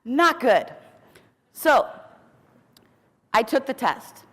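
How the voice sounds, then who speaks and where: Lively, humorous woman speaking in a hall. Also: sits high, drawn-out words, breathy edge. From United States. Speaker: keynote speaker. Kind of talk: storytelling keynote speech. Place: large conference hall. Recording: long reverb of a large hall.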